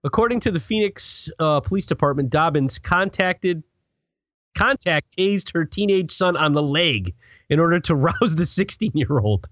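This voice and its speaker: A man's voice: a little high, animated, moderate pace, fairly bright tone, no room sound, lo-fi sound. Man joking through news stories. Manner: reads news stories aloud, joking and laughing. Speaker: podcast host. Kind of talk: casual comedic chat.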